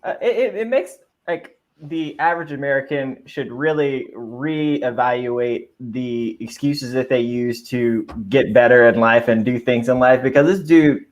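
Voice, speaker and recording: A man's voice: mid-range voice, measured pace, few pauses, lo-fi sound. A man co-hosting a sports podcast, speaking in an earnest, reflective way. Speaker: podcast co-host. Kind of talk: casual sports podcast chat.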